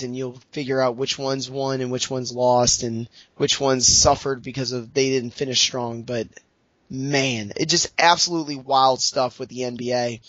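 A man from New Orleans co-hosting a sports podcast, talking in a rambling, jokey way with quick asides. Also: medium pitch, a bit bright, no room sound, highs cut off. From New Orleans, Louisiana. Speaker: podcast co-host. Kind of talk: casual sports podcast chat.

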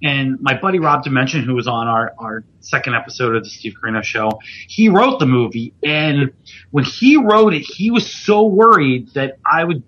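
A man hosting a casual podcast, his husky voice recorded a little dull. He rambles through his stories with restarts and pokes fun at himself. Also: mid-range voice, animated, moderate pace, bright, forceful tone. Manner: rambling, self-deprecating, frequent restarts. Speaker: podcast host, pro wrestler. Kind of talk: casual chat.

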